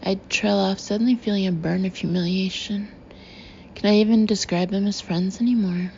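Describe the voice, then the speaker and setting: A woman's voice: medium pitch, steady tone, moderate pace, vocal fry, mellow, slight background noise. A woman reading a novel aloud in the first person, with a wry, chatty inner-monologue manner. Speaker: audiobook narrator. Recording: slightly muffled recording.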